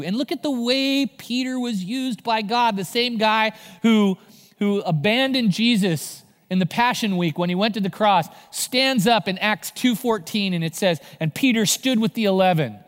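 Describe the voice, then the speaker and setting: Male pastor, expressive storyteller, slightly high-pitched, long church reverb. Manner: animated storytelling, acting out voices. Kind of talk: sermon. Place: large church hall.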